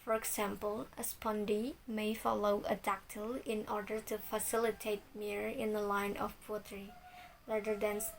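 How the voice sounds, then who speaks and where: Young woman student presenter, gravelly edge, faint noise behind; steady recital of examples. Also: mid-range voice, poor audio. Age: young adult. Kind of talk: reading a class presentation.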